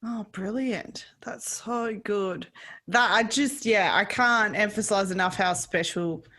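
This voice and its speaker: A woman's voice: medium pitch, slow pace, sharp tone. A woman with an Australian accent hosting a casual podcast interview, effusive and gushing, with casual swearing. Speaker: podcast host.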